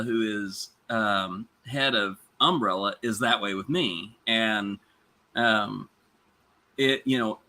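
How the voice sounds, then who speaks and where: A man's voice: medium pitch, sharp tone. A man hosting a podcast in casual conversation, reflective and supportive, with short agreeing replies. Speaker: podcast host.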